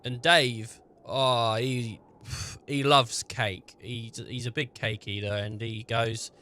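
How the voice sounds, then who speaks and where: A man's voice: mid-range voice, steady tone, slow, pushed and bright. A man giving rambling, joking commentary over a video game, breaking into laughter now and then. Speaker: gaming streamer.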